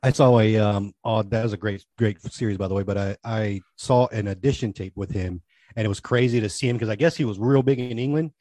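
A man's voice: lowish voice, brisk, no room sound. A man in his forties co-hosting a podcast, chatting casually and rambling through stories. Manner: rambling storyteller, chatty and animated. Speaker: podcast co-host. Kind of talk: casual chat.

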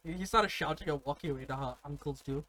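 A man's voice: fairly high pitch, fast, pushed and bright, slight background noise. A young man from India telling stories in casual profane chat, laughing often. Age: young adult.

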